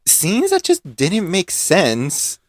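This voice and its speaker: A man's voice: high voice, huge pitch swings, takes it slowly, no echo. Blunt, joking man co-hosting a podcast. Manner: blunt, joking, swears freely. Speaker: podcast co-host. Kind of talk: casual film review chat.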